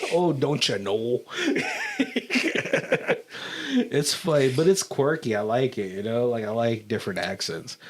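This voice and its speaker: A man talks through a film's plot in a loose, rambling way, his pitch bouncing around lively as he goes. He keeps stopping to search for words and breaks into laughter. It is a relaxed podcast chat. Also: takes it slowly, a little hiss or hum. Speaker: podcast co-host. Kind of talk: casual movie commentary chat.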